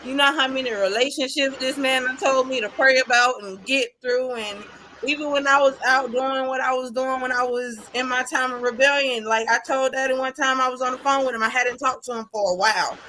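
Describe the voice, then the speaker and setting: A woman's voice: high-pitched, steady tone, brisk, pushed and bright, slight background noise. A woman talking about her father in a casual, heartfelt podcast chat, laughing often. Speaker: podcast guest.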